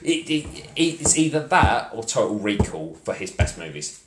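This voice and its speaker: Man, young, deep voice, halting casual chat, echoey room. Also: sing-song, over music. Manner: hesitant, many fillers and restarts. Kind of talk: casual chat about films.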